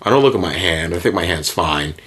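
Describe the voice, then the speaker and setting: Clowning young man, low voice. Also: fairly quick, slightly rough. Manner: clowning, loud and animated, swears freely. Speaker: podcast co-host. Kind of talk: casual banter.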